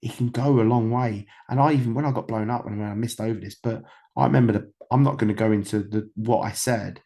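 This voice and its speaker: A man's voice: fairly low pitch, fairly even intonation, fast talker, warm tone. A man in his thirties from the United Kingdom, a podcast guest telling stories candidly, rambling with fillers, restarts and swearing. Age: 30s. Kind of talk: candid conversational storytelling.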